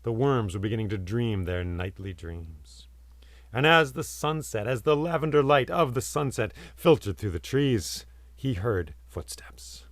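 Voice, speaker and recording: A man telling a folk tale aloud, expressive and lingering on vivid words, sometimes dropping to a hush. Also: medium pitch, moderate pace, dry recording. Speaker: storyteller and podcast host. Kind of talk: oral storytelling.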